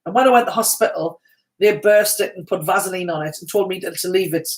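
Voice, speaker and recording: A woman's voice: fairly low pitch, fast talker. A middle-aged woman co-hosting a live stream, chatting casually and telling stories, often breaking into laughter. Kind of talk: casual chat.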